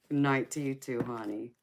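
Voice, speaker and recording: A woman's voice: a bass voice, noisy background. A woman with a heavy Southern accent from Georgia, chatting casually and laughing often while hosting a late-night live stream. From California.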